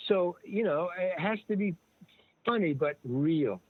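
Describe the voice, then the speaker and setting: Speaking at a measured pace in a high, animated voice, an older guest tells rambling, digressive stories, restarting and quoting others as he goes. The recording is a dry, tinny phone-like line.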